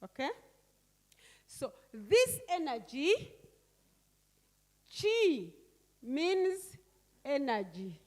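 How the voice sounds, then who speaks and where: Slow, high-voiced woman teaching. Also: big pitch swings. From Uganda. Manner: asks the audience questions and repeats key words. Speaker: workshop facilitator. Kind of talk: interactive teaching workshop. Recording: echoey hall.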